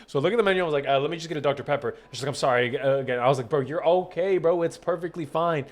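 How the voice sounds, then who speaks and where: A young man with a somewhat high-pitched voice tells his stream chat a long story from his home setup on a desk mic. He rambles and swears freely. He plays out every quoted line with animated energy. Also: very fast. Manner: rambling, profane, animated retelling with quoted dialogue. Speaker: gaming streamer.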